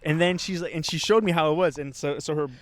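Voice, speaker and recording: Pitched on the high side and talking quickly, a young man comes through with a bit of hiss or hum in the audio. As co-host of a podcast based in Montreal, he tells a long, meandering story in easygoing chat, swearing frequently and animatedly acting out quotes.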